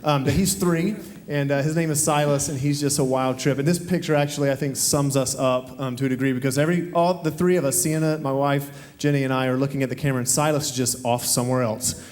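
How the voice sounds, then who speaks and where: A man's voice: mid-range voice, fairly even intonation, fast talker, hardly any pauses, a little mellow. A man from Alabama with a Southern accent, chatting onstage in a church interview as the new campus pastor, friendly with many fillers. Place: church sanctuary. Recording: long hall reverb.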